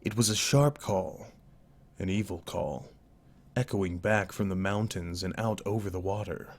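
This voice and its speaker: A man narrating a novel aloud in a live-streamed dry reading, deliberate and with occasional self-corrections. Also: sits low. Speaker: audiobook narrator.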